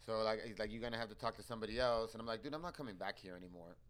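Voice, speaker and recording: A young man on a podcast telling a story in casual chat, animated and swearing as he acts out his quoted exchanges. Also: fairly low pitch, very fast.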